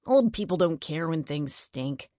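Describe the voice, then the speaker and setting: A woman's voice: low voice, expressive, a little slow, dark tone, no room sound, clean studio sound. A woman voicing a grumpy, sarcastic young boy who whines and mutters in a children's storybook. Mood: grumbling. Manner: whiny, sarcastic.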